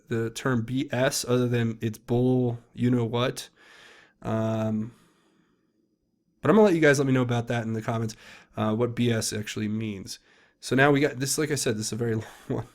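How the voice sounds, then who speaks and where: A man hosting solo political commentary, reading posts aloud in a casual, rambling, emphatic way with many fillers and restarts. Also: mid-range voice.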